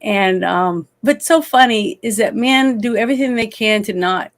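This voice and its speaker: A woman's voice: mid-range voice, moderate pace. A woman talking about a movie in a casual chat, emotional and rambling, often trailing off and restarting. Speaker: guest.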